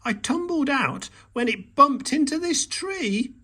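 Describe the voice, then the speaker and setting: A man reading a storybook aloud and voicing a frightened little male mole with high, yelling cries. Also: huge pitch swings, a little slow, vocal fry, exaggerated voice. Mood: relieved.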